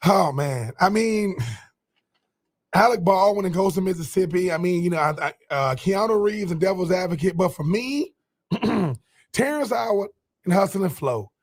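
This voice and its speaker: A man's voice: high voice, normal speed. A man co-hosting a sports radio show who tells stories with animation and slips into impressions. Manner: animated storyteller, does impressions. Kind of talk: casual sports talk.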